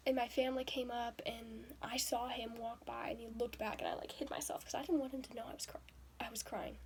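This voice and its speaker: A young woman vlogger telling a personal story in a lively way, acting out quotes with breathy asides. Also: fairly high pitch, fairly quick. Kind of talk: storytelling vlog. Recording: faint background noise.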